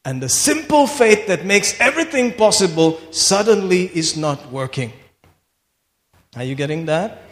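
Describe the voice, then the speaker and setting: High-voiced preacher. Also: male voice, big pitch swings, measured pace. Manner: emphatic, swinging from low asides to shouted declarations. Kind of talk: sermon. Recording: long hall reverb.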